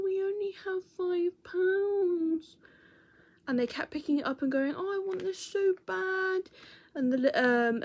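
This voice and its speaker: A young woman chatting casually as a crochet vlogger, rambling and correcting herself as she goes. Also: a little high. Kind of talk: casual chat.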